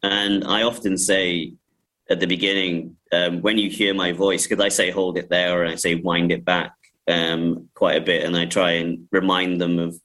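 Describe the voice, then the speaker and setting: Bright-voiced man, rambling. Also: low voice, low-quality recording. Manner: rambling, many restarts, laughs often. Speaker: film director. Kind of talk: casual interview chat.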